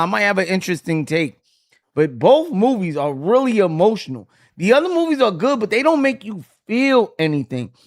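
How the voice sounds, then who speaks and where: A man with a high, light voice hosts a casual podcast discussion. He talks in an animated way and keeps throwing questions to his co-hosts. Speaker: podcast host.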